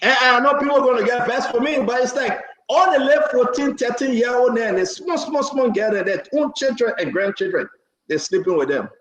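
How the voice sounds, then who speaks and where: A man's voice: extremely high pitch, a little fast, a bit bright, echoey room, low-quality recording. A man, hosting a live talk show and hammering his points with repeated phrases. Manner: emphatic, repeats phrases, laughs between points.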